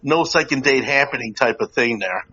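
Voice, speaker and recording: A man's voice: mid-range voice, normal speed, pushed and bright, husky. Rambling man on a lo-fi stream. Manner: rambling, many restarts and fillers. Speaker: podcast co-host. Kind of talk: casual chat. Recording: lo-fi live audio-app stream.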